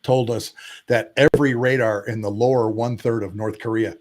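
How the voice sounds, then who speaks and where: A man in his sixties, a retired Air Force pilot, telling animated war stories as a podcast guest and drawing out emphatic lists. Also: fairly low pitch, fairly quick. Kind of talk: casual storytelling interview.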